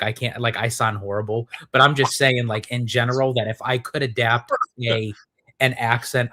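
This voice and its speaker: Male co-host, bright tone, earnest rambling chat. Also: medium pitch. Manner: earnest, talks in run-on restarts. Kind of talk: casual live-stream chat.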